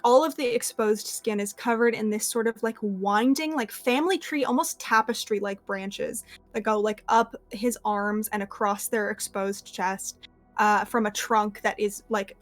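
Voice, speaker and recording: A woman's voice: mid-range voice, measured pace, no room sound. A young woman narrating a tabletop game as game master, rambling through descriptions with many fillers.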